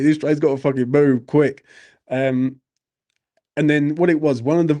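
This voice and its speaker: Brief: young man, relaxed dark tone, laughs and curses, calls everyone mate. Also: medium pitch. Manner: swearing, animated anecdote with laughs and "mate". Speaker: football channel host. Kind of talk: late-night casual storytelling.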